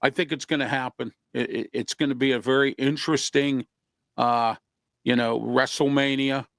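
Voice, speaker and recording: Gravelly halting male wrestling guest. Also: mid-range voice, fairly even intonation, fairly bright tone, no echo, studio quality. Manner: halting, many fillers. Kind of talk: casual talk show chat.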